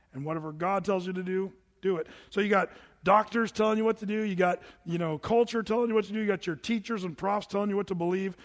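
A man in his sixties preaching a sermon in a conversational, animated way, breaking into mimicked voices to make his points. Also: high voice. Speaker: pastor. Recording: long hall reverb.

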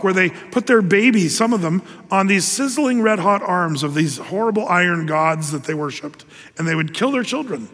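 A man preaching a sermon in an earnest, conversational way, with pauses and restarts. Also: high voice, a bit bright, in a large hall. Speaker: pastor.

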